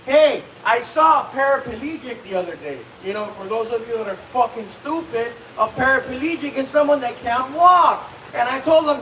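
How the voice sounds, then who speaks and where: A man performs stand-up at a comedy club open mic. His voice sits high, and he hammers his crude one-liners home by shouting them. The mic catches him from far off in an echoey room with faint background noise. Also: normal speed. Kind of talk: stand-up set.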